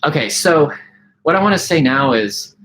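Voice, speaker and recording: A man's voice: on the high side, expressive, moderate pace, fairly bright tone, rough recording. Earnest man coaching, checks in with "okay?". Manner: earnest, repeats words and restarts, checks in with "okay?". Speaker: anxiety recovery coach. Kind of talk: unscripted teaching talk to course members. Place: home, mowing heard outside.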